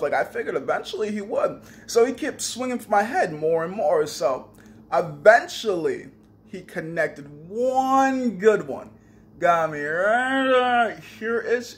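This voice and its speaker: A young man casually telling a story on a vlog, swearing freely and acting out his own trash talk. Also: high-pitched. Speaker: vlogger.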